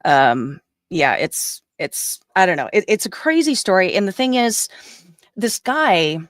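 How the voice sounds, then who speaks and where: A woman co-hosting a podcast, retelling a story in a rambling, animated way with fillers. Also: mid-range voice, a little slow, no room sound, clean studio sound. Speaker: podcast co-host. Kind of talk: casual storytelling chat.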